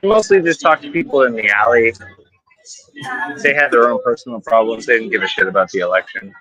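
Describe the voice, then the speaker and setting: A man's voice: medium pitch, a little fast, bright, forceful tone, rough recording. A man calling in to a livestream from an event, offhand and dryly funny. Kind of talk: casual remote call-in chat.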